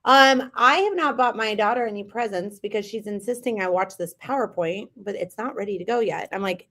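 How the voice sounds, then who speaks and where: A woman co-hosting a casual chat show, teasing and animated when telling stories. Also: mid-range voice, fairly quick, few pauses. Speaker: co-host.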